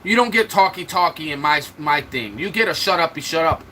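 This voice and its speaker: A man's voice: on the high side, expressive, a little fast, pushed and bright, a little hiss or hum, rough recording. A man hosting a livestream, trash-talking and mocking commenters in loose, joking banter. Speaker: livestream host. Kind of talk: mocking live-chat banter.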